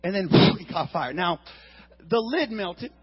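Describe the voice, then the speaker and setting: A man tells a comedy story on stage in a husky, high voice. His pitch swings all over as he acts out booms and shouts. The recording sounds dull and lo-fi. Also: lively intonation, slow. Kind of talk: stand-up storytelling.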